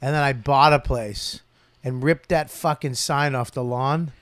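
A man's voice: medium pitch, unhurried, no echo. A man, a comedian telling a profane story in casual chat. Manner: profane, animated, loud storyteller. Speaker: guest comedian.

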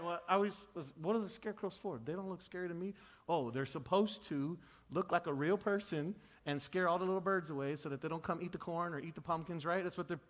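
A man in his thirties preaching a sermon, swinging between loud, high bursts and low, quiet asides. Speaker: pastor.

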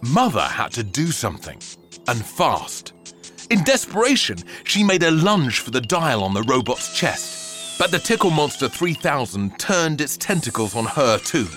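A man narrating a children's story aloud with an expressive, theatrical delivery. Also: mid-range voice, measured pace, faint music behind.

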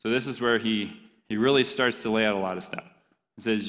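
A man's voice: on the low side, fairly quick, fairly bright tone, in a large hall. A man giving an interactive, joking sermon to a youth group, quizzing the audience as he reads scripture. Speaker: youth pastor.

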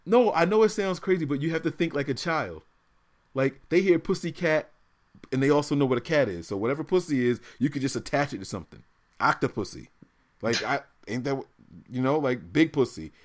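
A man's voice: mid-range voice, lively intonation, a little fast. A man in his thirties telling stories animatedly in a casual podcast chat, laughing often. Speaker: podcast co-host.

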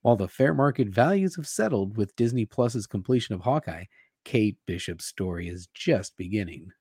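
A man co-hosting a podcast who reads list entries steadily and joins in the chat. His voice is low and husky and sounds dry, with no room in it. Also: animated, moderate pace, a little mellow, no echo. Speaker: podcast co-host.

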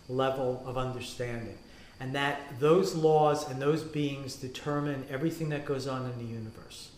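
A rabbi, a man, talking on a panel in an animated way and acting out the quotes he tells. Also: mid-range voice, slight background noise. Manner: animated storytelling, acts out quotes. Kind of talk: panel discussion talk. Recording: roomy echo.

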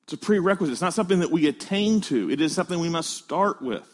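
A pastor preaches a sermon in an emphatic, animated way, reading a scripture passage aloud and explaining it. His pitch is fairly high, and he slows down to stress key words.

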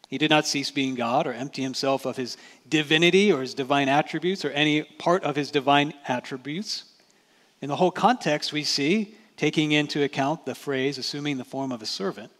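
A man preaching a sermon as pastor, talking to the congregation in a conversational way and asking rhetorical questions. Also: mid-range voice. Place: church sanctuary. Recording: church hall reverb.

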